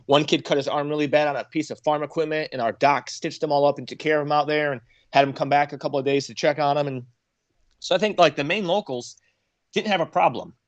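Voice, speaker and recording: Man telling stories, high-pitched and dry. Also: quick pace, no echo, lo-fi sound. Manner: animated, acts out quotes in raised voices. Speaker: podcast guest, former Marine. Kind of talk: casual storytelling.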